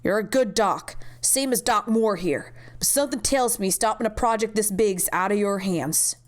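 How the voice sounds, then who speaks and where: Sex: woman. Figure: weary, rough middle-aged pioneer leader played by a woman. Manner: gruff, resigned drawl. Style: game cutscene voice acting. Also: medium pitch, normal speed, close to an everyday voice.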